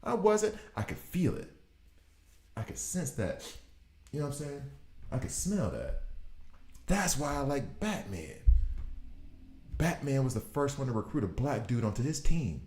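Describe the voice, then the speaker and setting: A man in his thirties giving casual gameplay commentary, riffing in an animated, exasperated way. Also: medium pitch, unhurried, pauses often. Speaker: gaming video host. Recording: roomy echo.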